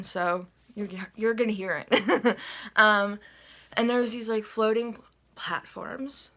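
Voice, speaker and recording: A woman's voice: mid-range voice, pushed and bright. Woman rambling through a dream story. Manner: rambling, many fillers and asides. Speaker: vlogger telling a dream. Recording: phone recording, unedited.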